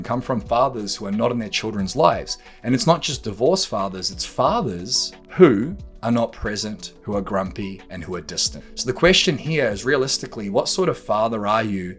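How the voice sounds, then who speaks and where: Guy coaching on his podcast, blunt and cursing a lot, firing off questions, quiet music behind. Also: medium pitch. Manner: blunt, swears often, emphatic rhetorical questions. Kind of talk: direct-to-camera coaching monologue.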